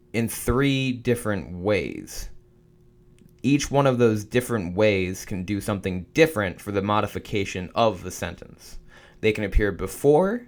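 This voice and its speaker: A young man reading study notes aloud for a writing course, stumbling now and then and restarting. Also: fairly low pitch. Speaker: student making a study guide.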